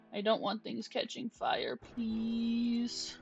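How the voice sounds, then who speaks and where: A woman's voice: medium pitch, moderate pace. A young adult woman streaming a game in casual chat, rambling through stories and cooing at her pet. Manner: chatty, rambling storytelling with restarts; coos softly at her pet. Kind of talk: casual chat while gaming. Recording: dull lo-fi stream mic. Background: faint music.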